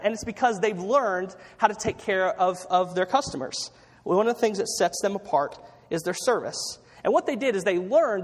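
A man's voice: sits high, big-room sound. A man preaching a chatty sermon, drawing the congregation into call-and-response, with plenty of ums and restarts. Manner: chatty, with audience call-and-response and frequent fillers. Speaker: pastor. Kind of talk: conversational sermon.

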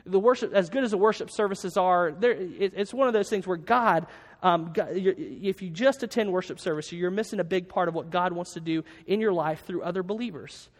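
High-voiced man preaching in a hall. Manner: earnest, halting, with many restarts. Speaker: pastor. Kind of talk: sermon.

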